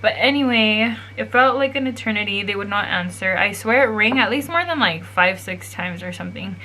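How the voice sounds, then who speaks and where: A woman's voice: medium pitch, expressive, fairly quick, pushed and bright, slight background noise. A young woman telling a story in a casual, chatty way while doing her makeup, swearing freely and slipping in Spanish phrases. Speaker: beauty vlogger.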